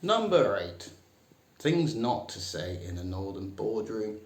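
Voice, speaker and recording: A man teaching a comic lesson, dry and mock-serious, putting on higher voices for the phrases he quotes. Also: big pitch swings, takes it slowly. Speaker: English teacher. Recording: echoey room.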